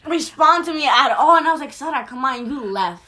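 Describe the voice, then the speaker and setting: A woman's voice: high-pitched, lively intonation, fairly quick, pushed and bright. A young woman chatting with a friend, giggly and teasing, jumping in to act out quotes. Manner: giggly, interjects and teases, acts out quotes. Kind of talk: casual chat with a friend.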